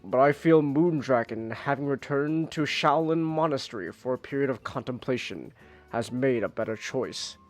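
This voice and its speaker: A man voicing a wise old alien patriarch, reading comic dialogue slowly and solemnly. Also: mid-range voice, animated, faint music behind, lightly acted. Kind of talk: reading comics aloud on stream.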